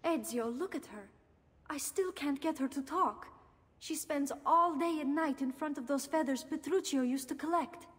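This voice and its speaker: A woman's voice: high-pitched, normal speed, natural voice. An actress playing a worried, grieving noblewoman in a video game cutscene. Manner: anxious, pleading. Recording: game audio with long reverb.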